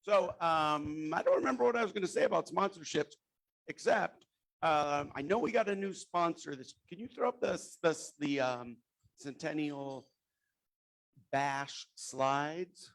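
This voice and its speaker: A man's voice: on the high side, unhurried, gravelly, a bit bright. A man giving informal sponsorship announcements at a club meeting, rambling and losing his place now and then. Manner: rambling, loses his train of thought. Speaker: club member presenting sponsorships.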